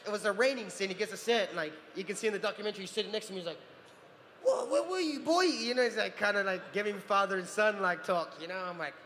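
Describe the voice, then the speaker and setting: A man in his thirties from New Zealand, telling animated stories as a guest on a convention panel and acting out other people's voices. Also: sits high, racing, hardly any pauses. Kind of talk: anecdotal storytelling. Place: large convention hall. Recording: convention hall with reverb and faint noise.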